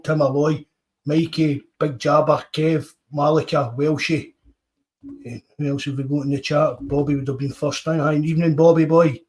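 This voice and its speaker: A Scottish man hosts a podcast in an easy, chatty way, reading shout-outs from the live chat. His voice sits a little high for a man. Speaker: podcast host.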